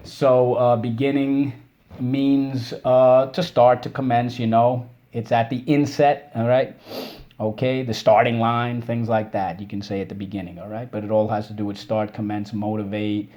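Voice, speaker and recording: A man teaching a recorded spelling lesson for children, upbeat and encouraging, drawing out syllables slowly as he drills words. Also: mid-range voice, little pitch movement, dark tone, highs cut off.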